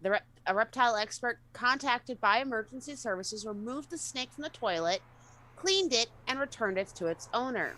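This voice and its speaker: Give me a woman reading quirky news items aloud for a casual chat show. Her voice is sharp and forceful, pitched a little high. She stumbles and corrects herself as she reads. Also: lively intonation, moderate pace, low-quality recording. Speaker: co-host reading news stories.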